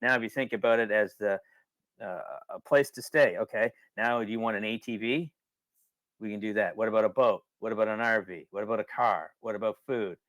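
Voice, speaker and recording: A man hosts a casual webinar, talking loosely and circling back over his points. His voice sits a little low, and the computer mic gives it a close, dry sound with no room echo. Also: fairly even intonation, a little fast, a bit bright. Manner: rambling, colloquial, repeats himself when worked up. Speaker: webinar host.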